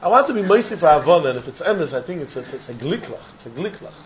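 A man giving an animated Talmud lecture, acting out both sides of a dispute in the first person. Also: a little high, fast talker, muffled recording, slight background noise. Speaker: Talmud teacher.

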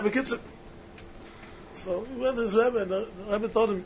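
Speaking to yeshiva students in a sermon-like way, this high-pitched man keeps a moderate pace, repeating himself emphatically and alternating loud emphasis with quiet asides. Faint hiss runs under the muffled, lo-fi audio.

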